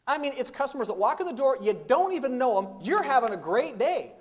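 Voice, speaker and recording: A middle-aged man addresses a seminar room full of people. His delivery is emphatic, built on rhetorical questions and repeated one-word punchlines. His pitch rises and falls freely, keeping the talk lively. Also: fairly quick. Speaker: business speaker.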